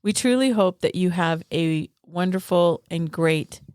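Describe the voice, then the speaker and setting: A woman's voice: fairly low pitch, unhurried, darkish tone, clear, resonant tone, no echo, studio quality. A woman co-hosting a podcast in casual chat, joking and teasing. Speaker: podcast co-host.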